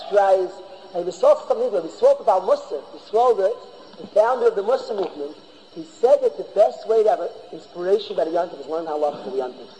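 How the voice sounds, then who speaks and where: Rabbi lecturing a yeshiva class: high voice, emphatic, repeats himself, long hall reverb. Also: male voice, animated, quick pace, mellow, a little hiss or hum. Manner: emphatic, repeats and restarts phrases. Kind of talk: Torah lecture.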